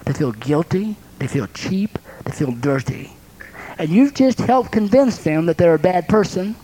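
High-voiced man preaching with lively storytelling. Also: unhurried, slightly rough, poor audio. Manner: lively storytelling, acts out scenes with sound effects; laughs between points. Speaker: preacher and counselor. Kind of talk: sermon.

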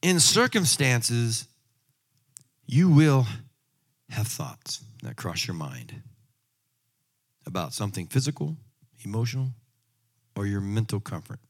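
A man preaching a sermon, emphatic, moving from loud exhortation to quiet asides and humorous personal stories. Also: on the low side, very animated, slow, long pauses.

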